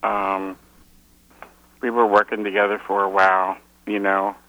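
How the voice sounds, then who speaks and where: A man's voice: lowish voice, level tone, unhurried. A man calling in to an advice show, talking hesitantly over a phone line. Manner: hesitant, many fillers, laughs nervously. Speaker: caller. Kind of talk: phone-in conversation.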